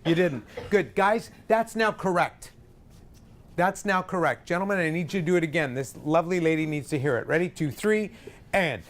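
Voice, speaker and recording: A man's voice: on the high side, normal speed. A man leading a choir rehearsal, counting in and singing short examples with energy. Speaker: choir director. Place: rehearsal room.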